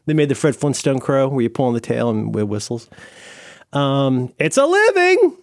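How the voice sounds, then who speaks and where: A man's voice: medium pitch, moderate pace, gravelly, a little mellow, dry recording, clean studio sound. A man co-hosting a podcast, bantering casually and tossing in jokes and mock bits. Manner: jokey, tosses in bits and mock Spanish. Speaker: podcast co-host.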